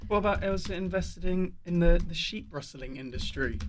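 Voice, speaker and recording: A man chiming in with jokey questions and quick interjections while friends brainstorm a script. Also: high-pitched, slight background noise. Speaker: co-writer. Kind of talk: casual comedy brainstorming.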